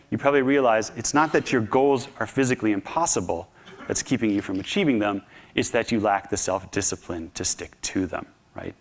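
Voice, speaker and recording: A man's voice: on the low side, vocal fry. Man giving a humorous storytelling talk. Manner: animated storytelling, humorous, conversational. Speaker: speaker. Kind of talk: public talk.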